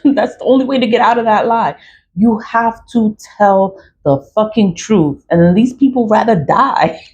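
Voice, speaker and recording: A woman's voice: fairly low pitch, a little mellow, slight background noise. A woman talking casually about spiritual matters, blunt and profane, laughing often and repeating her points. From New York. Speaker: spiritual talker. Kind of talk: casual monologue.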